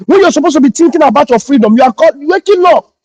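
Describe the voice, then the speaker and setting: Very high-voiced scolding man. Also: animated, fast, a little mellow, no room sound, rough recording. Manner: indignant, scolding, repeats phrases. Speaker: pastor and online host. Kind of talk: morning livestream address.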